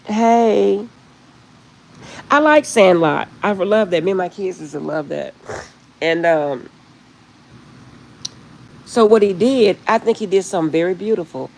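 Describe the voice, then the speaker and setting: Gravelly-voiced woman chatting to her stream. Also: mid-range voice, lively intonation, a little slow, long pauses, darkish tone, rough recording. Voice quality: rambling, chatty, laughs often. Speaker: livestream host. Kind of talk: casual chat with live viewers. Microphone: phone.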